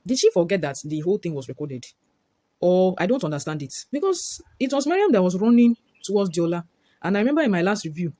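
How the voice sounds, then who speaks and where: A man giving animated, exasperated commentary in a casual video review, leaning on "like" as he talks. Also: sits high, quick pace, dry recording. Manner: animated, exasperated, repeats "like" often. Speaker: reality TV reviewer.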